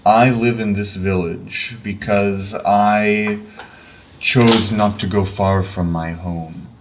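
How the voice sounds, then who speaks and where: A man voicing an ancient, weary albino man with red eyes, speaking slowly and gravely in a put-on Russian accent. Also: on the low side, steady tone, distant mic, slight background noise, voice pushed down. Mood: solemn. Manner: slow, grave, heavily paused.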